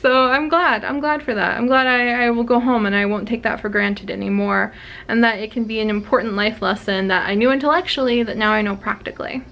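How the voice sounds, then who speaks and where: A woman's voice: fairly high pitch, fairly even intonation, a little fast, vocal fry, a bit bright, muffled recording. Chatty young woman vlogging at home. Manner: chatty and self-deprecating, laughs often, rambling restarts. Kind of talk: casual talking-to-camera vlog. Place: small rented apartment.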